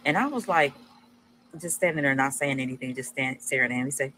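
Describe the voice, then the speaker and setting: A woman's voice: very deep voice, fairly quick, pushed and bright, a little hiss or hum, rough recording. A woman telling a personal story casually, acting out her own past lines with animation.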